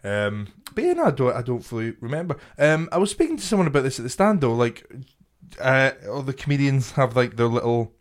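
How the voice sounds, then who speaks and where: A man chatting as co-host of a comedy podcast, at an ordinary middle pitch. He swears freely and laughs his way through stories. He talks in quick bursts, often restarting and repeating himself mid-thought. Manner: sweary, laughing, animated storyteller. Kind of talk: casual chat.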